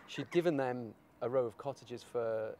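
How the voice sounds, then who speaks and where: A man's voice: mid-range voice, normal speed, darkish tone, slight background noise. A man artist talking in a casual interview, rambling and searching for his words.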